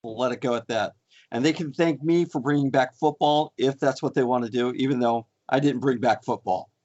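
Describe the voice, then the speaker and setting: A man's voice: mid-range voice, fairly quick, a little mellow, close to an everyday voice. A man doing a boastful, rambling mock senator. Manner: rambling, boastful, full of fillers. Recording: dull lo-fi podcast audio.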